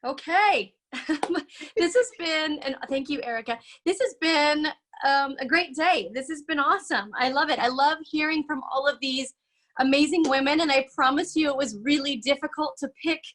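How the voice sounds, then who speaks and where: Chatty upbeat woman hosting an online thing, fairly high voice, lots of ums. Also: normal speed, fairly bright tone. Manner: chatty and upbeat, with many fillers. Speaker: event host. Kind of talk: casual talk to an online audience.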